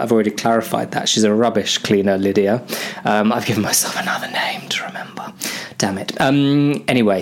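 A man improvising a space story aloud, rambling and self-mocking. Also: lowish voice. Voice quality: self-mocking, full of ums and restarts.

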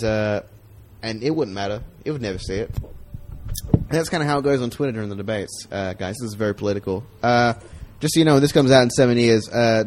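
A man's voice: mid-range voice, a little mellow, a little hiss or hum. A man chatting casually on a podcast as a comedian, rambling, swearing and joking.

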